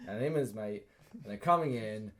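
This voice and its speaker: A man's voice: fairly low pitch, expressive, brisk, a bit bright. A man, co-hosting a podcast and telling stories animatedly, swearing and acting out quotes. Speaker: podcast co-host. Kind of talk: casual chat, storytelling.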